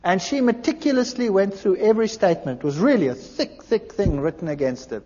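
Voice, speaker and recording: Animated man telling a testimony. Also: sits high, a little fast. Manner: animated storytelling, acts out dialogue. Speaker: speaker giving a testimony. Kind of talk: personal testimony talk. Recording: dull lo-fi recording in a large reverberant hall.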